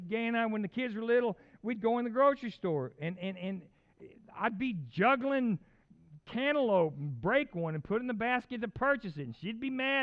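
A middle-aged man preaching a sermon, animated and conversational, with folksy asides. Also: very high voice. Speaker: pastor. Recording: dull lo-fi sound.

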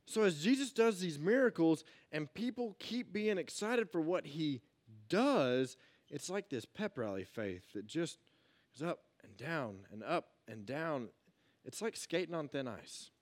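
A man giving a casual youth sermon, energetic and full of rhetorical questions, swinging between loud and hushed. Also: on the high side, unhurried. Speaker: youth pastor.

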